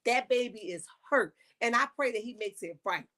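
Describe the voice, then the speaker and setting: A woman, recapping a reality show on a casual livestream with sassy, animated asides. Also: fairly high pitch, moderate pace.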